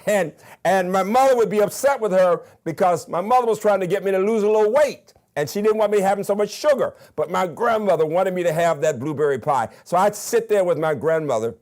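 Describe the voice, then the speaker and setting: A man's voice: high-pitched, expressive, a little fast, hardly any pauses, a little mellow. An older man from Birmingham with a Southern accent, giving a recorded commencement address to graduates in an emphatic, enthusiastic way and counting off his points. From Birmingham, Alabama. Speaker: commencement speaker, university president.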